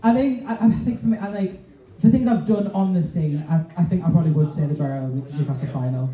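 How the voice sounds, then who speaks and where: High-voiced man chatting in an echoey bar. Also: quick pace, dark tone. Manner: rambling, lots of fillers, swears freely. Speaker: co-host, drag performer. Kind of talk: casual live podcast chat. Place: bar, recorded live. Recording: echoey bar, distant mic.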